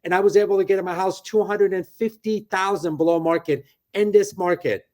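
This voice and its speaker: A man's voice: high-pitched, steady tone, a little fast, darkish tone. A middle-aged man, a real estate broker, chatting animatedly from his office on a video call and tagging his points with "right?". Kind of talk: casual interview talk.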